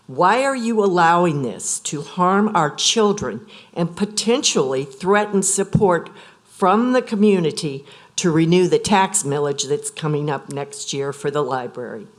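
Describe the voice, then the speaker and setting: A speaker making an accusatory, stern public comment at a board meeting. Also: mid-range voice.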